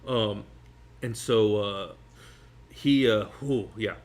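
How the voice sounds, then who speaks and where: A man in his forties, a magician guest telling a long story over a meal in an animated, rambling way with laughs between phrases. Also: lowish voice, slow. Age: 40s.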